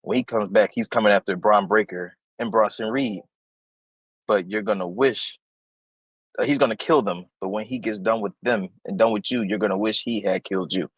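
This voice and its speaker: A man co-hosting a casual podcast, retelling events in a relaxed, dry way. His voice is husky and fairly low. The sound is close and dry. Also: normal speed, no echo, poor audio. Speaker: podcast co-host. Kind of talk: casual wrestling recap chat.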